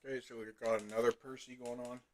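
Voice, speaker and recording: A man's voice: mid-range voice, level tone, quick pace. A man hosting a live trading card break, chatting casually with viewers by name and talking while eating. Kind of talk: casual livestream chat.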